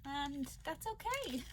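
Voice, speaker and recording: Woman, middle-aged, high pitch, slow delivery, emotional fatigued vlogger, faint background hiss. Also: very animated. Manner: emotional, laughs often and tears up. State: fatigued from an illness flare. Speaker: crochet vlogger. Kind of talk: casual vlog chat.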